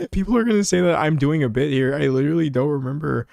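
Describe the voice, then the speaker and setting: A man's voice: a little high, a little fast, gravelly, a little mellow, no echo, clean studio sound. A young man chatting casually on a live stream, giggling and rambling as he talks to his chat.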